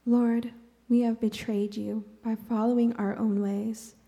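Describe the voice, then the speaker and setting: A woman's voice: fairly high pitch, little pitch movement, measured pace, dark tone. A woman leading the congregation in a solemn prayer of confession. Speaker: prayer leader.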